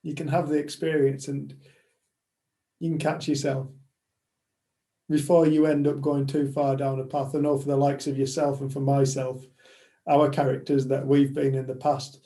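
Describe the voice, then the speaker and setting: A man speaks in a casual group chat in a reflective, affirming way. His voice is mellow, with a gravelly fry. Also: medium pitch, level tone, normal speed. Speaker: community group member.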